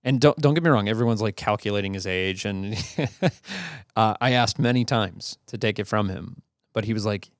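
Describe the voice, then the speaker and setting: On a podcast, a male co-host with a lowish voice and lively intonation tells a story at a moderate pace. The studio-quality audio has no echo, and his casual delivery is loose, with fillers and restarts.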